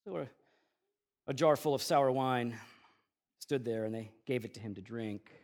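At a moderate pace, this man preaches on Good Friday, his delivery swinging hard from booming emphasis to hushed murmurs. Slangy, offhand asides fill the gaps between.

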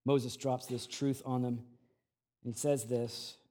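A male pastor preaching a sermon in an animated, conversational way, with casual slang. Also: medium pitch, takes it slowly.

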